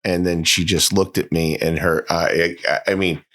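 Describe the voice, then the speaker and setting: A man with an extremely deep, low voice, chatting as a podcast guest. He talks haltingly, stopping and restarting his sentences with plenty of fillers. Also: fairly even intonation, fairly bright tone. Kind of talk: casual chat.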